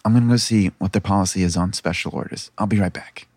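A man's voice: sits low, quick pace, a little mellow, no room sound, voice pushed down. A man voicing a friendly young woman who talks in a casual, breezy way.

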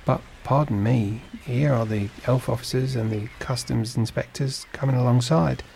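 A man's voice: mid-range voice, moderate pace, creaky, dark tone, slight background noise, lightly acted. A man narrating a storybook and voicing a polite, earnest young ship's mate.

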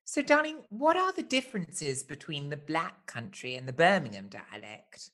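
Man host, theatrical and wordy, bright voice. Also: fairly high pitch, big pitch swings, normal speed. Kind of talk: casual chat.

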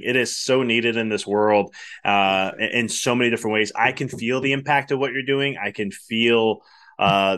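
A podcast host with a fairly low, bright, forceful voice talks in a casual interview. He comes across as earnest and effusive, and he rambles.

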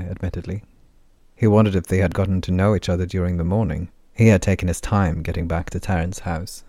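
Male audiobook narrator, deep, dry close read, steady pacing. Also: dry recording. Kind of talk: audiobook narration of a fantasy novel.

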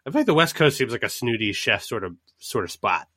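A man's voice: mid-range voice, very animated, pushed and bright, husky, no room sound, clean studio sound. A man with a mixed Boston, Southern and Midwestern accent, co-hosting a casual podcast chat, brash and profane. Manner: brash, profane and quick, breaking into laughs. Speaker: podcast co-host.

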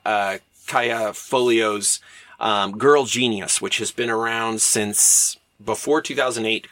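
A man's voice: on the low side, pushed and bright, no echo. A man giving a casual lecture in a chatty, digressive way, full of fillers and asides.

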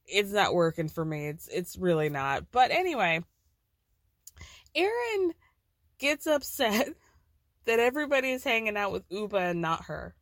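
A woman's voice: mid-range voice, big pitch swings, measured pace, long pauses, no echo, studio quality. A woman hosting a podcast who recaps reality TV in a chatty way, full of "like" and light laughs. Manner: chatty, peppered with "like" and giggles. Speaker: podcast host. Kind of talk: casual TV recap.

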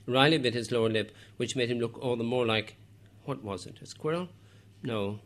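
A man narrating a novel in measured, scripted storytelling with occasional wry asides. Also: mid-range voice, fairly bright tone. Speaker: audiobook narrator.

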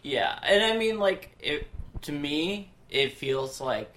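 A man's voice: on the high side, big pitch swings, takes it slowly, fairly bright tone. A man co-hosting a podcast, talking casually and thoughtfully about films. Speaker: podcast co-host. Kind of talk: casual film discussion.

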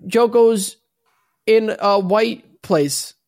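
A man's voice: high-pitched, drawn-out words, darkish tone, no room sound, clean studio sound. A man hosting a podcast, retelling an anime episode in casual, profane chat and acting out the lines. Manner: profane, laughing retelling with acted quotes. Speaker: podcast host.

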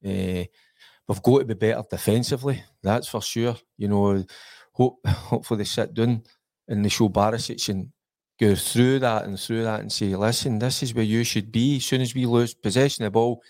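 A man's voice: lowish voice, fairly even intonation, normal speed, darkish tone, no echo, studio quality. A Scottish man in a casual football chat, earnest and thinking aloud as he breaks down the team. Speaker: football pundit.

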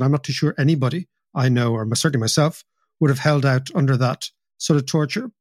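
A man's voice: mid-range voice, a little mellow, no room sound, clean studio sound. A man hosting a podcast interview, asking probing questions with stammering restarts. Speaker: podcast host.

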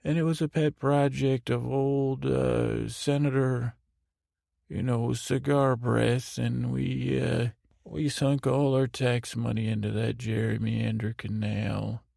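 A man's voice: medium pitch, little pitch movement, takes it slowly, creaky, mellow, dry recording, clean studio sound. A man hosting a sleep podcast, talking in a detached, tired, meandering way with many restarts. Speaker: podcast host. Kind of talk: rambling sleep podcast monologue.

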